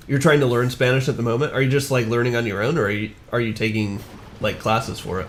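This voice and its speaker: A man's voice: mid-range voice, steady tone, quick pace, a little hiss or hum. A young man from the northern United States chatting casually with viewers while streaming a game, rambling and laughing at himself as he answers chat.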